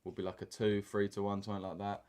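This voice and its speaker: Young male streamer, lowish voice, easygoing slangy chat over trading charts, keyboard clicks behind. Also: little pitch movement, fast talker, a little mellow, clear, resonant tone. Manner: laid-back banter with slang, reading chat aloud. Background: keyboard typing and mouse clicks.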